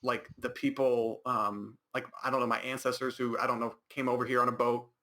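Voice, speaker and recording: A man's voice: medium pitch, level tone, fairly quick, pushed and bright. A man with an American accent co-hosting a casual podcast, rambling with many fillers and restarts. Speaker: podcast co-host. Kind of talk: casual chat.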